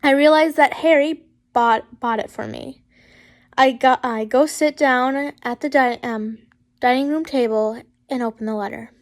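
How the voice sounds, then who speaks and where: A woman reads fan fiction aloud in a relaxed, homemade way. Her voice sits a little high for a woman, and she often stops to chat and joke with her listeners. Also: measured pace. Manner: chatty, breaks off to joke and laugh. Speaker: fanfiction reader.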